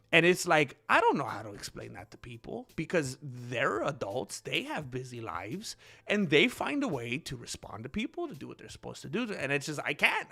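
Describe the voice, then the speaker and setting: Man, channel host, higher bright voice, rambling stream chatter over faint music. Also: vocal fry. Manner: rambling, talks back to chat comments. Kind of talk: casual livestream chat.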